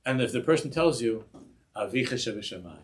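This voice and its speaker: Animated rabbi giving a Torah talk. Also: male voice, mid-range voice, fairly quick. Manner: animated, acts out dialogue with Yiddish and Hebrew words.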